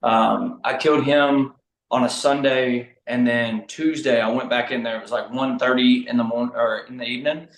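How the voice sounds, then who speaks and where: Animated man telling hunting stories. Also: medium pitch. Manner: animated, talks fast in bursts, laughs mid-story. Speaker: podcast guest, bowhunter. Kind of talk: casual storytelling chat. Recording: roomy echo.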